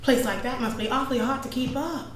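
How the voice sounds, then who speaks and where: Actress as a high, chatty, folksy neighbor woman, echoey stage. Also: quick pace, distant mic, slight background noise, close to an everyday voice. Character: friendly, nosy middle-aged woman neighbor. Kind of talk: stage play performance.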